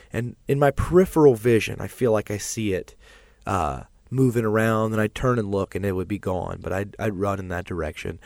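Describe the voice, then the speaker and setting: A man in casual conversation, telling a strange dream in a rambling, animated way with many fillers and restarts. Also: sits low, dry recording, clean studio sound.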